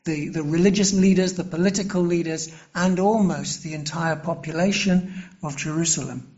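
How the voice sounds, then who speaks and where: A man preaching a sermon to his congregation, measured and earnest, pausing and restarting as he explains a passage. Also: fairly high pitch, steady tone, darkish tone, lo-fi sound.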